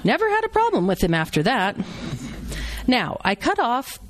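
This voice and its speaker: A woman's voice: on the high side, wildly swooping pitch, normal speed, pitched above the performer's own voice. A woman reading aloud as a brash, joking male surgeon who is teaching a procedure. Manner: blunt, wisecracking, instructive. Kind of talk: reading a novel aloud to a live audience.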